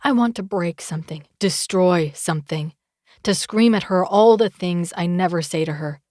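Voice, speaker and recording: A woman narrating a romance audiobook in the first person, with an expressive, measured reading. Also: fairly low pitch, no echo, clean studio sound.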